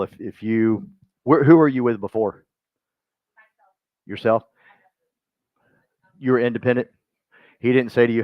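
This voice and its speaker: A man speaking to a live group at a business meeting, joking and acting out quick voices as he goes. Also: fairly low pitch, clean tone, no echo, muffled recording. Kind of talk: motivational talk to a live group.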